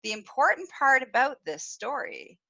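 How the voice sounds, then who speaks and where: A woman with a bright, slightly high voice talks through a personal story on a casual podcast. She is candid and animated and does not hold back on swearing. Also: normal speed, gravelly, dull audio. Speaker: podcast co-host.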